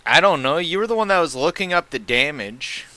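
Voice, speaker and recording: A man's voice: a little high, animated, a little fast, sharp tone, no room sound. A man chatting casually as a live streamer, jokey and rambling, often breaking into laughter.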